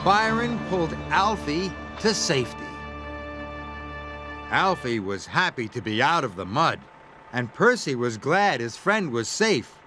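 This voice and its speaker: A man narrating a children's storybook aloud in an expressive, sing-song way. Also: fairly high pitch, unhurried. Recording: read-aloud over background music. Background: music.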